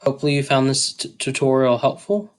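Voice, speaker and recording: A man teaching a grammar tutorial, explaining step by step with a few fillers. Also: medium pitch. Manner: slow, deliberate explaining with occasional fillers.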